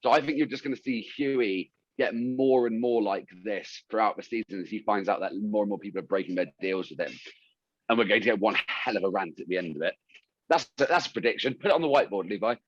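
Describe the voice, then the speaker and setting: A man co-hosting a podcast, easygoing and quick to laugh. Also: fairly low pitch, no echo. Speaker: podcast co-host. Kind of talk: casual chat. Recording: dry, dull lo-fi sound.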